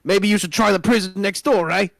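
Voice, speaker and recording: A man voicing a stern male prison governor in a rough attempt at a Scottish accent. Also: sits high, steady tone, no room sound, studio quality, pitched above the performer's own voice. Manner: halting, self-mocking.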